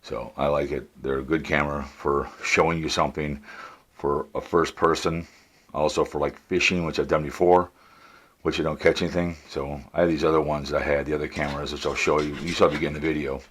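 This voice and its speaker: A man's voice: very deep voice, little pitch movement, fast talker, fairly bright tone, breathy edge, no echo. A man from Minnesota rambling casually in a vlog, recorded on a sunglasses camera mic outdoors, with audible heavy breathing and fillers. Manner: rambling, easygoing, trails off with fillers. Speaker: vlogger. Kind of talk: casual product review vlog. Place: outdoors in a backyard.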